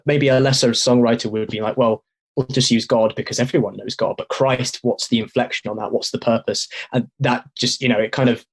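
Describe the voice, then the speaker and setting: A man appearing as a podcast guest, talking casually in an admiring and thoughtful way, with frequent fillers. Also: mid-range voice. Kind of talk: casual chat.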